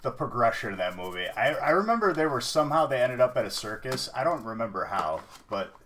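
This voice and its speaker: A man's voice: mid-range voice, big pitch swings, a little fast, fairly bright tone, slight background noise. A man hosting a card-break livestream, rambling in casual chat and saying "dude" a lot.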